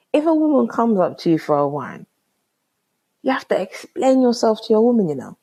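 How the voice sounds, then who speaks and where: A woman's voice: fairly high pitch, big pitch swings, normal speed, dark tone. A young woman with a London accent hosting her own podcast. She tells a story in casual slang, exclaims often and acts out both sides of a conversation. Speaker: podcast host.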